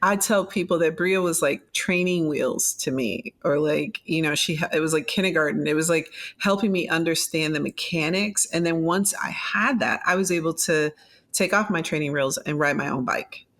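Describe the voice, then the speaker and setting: A middle-aged woman author talking as a guest in a casual interview, animated, laughing and acting out her own quoted lines. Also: low-pitched, normal speed. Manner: animated, laughing, quoting herself.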